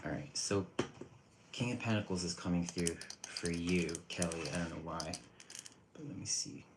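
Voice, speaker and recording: Low-voiced chatty man giving readings. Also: fairly even intonation, normal speed, noisy background. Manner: chatty, rambling, restarts often. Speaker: tarot reader. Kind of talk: casual livestream reading.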